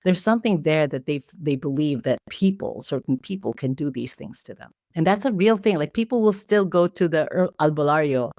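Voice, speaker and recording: A woman from the Philippines, a podcast guest, telling stories in a lively, casual way. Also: sits low, fairly quick, few pauses, no room sound, studio quality. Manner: lively storyteller who acts out quoted voices. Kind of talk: casual storytelling chat.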